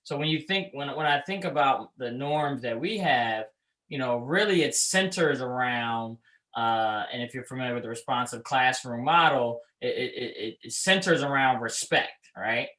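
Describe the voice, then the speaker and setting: A man's voice: mid-range voice, lively intonation, normal speed, sharp tone, low-quality recording. A man who leads a school, a guest in a casual leadership chat over a video call, explaining his points through examples in a conversational way. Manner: conversational, many fillers and restarts, explains with examples.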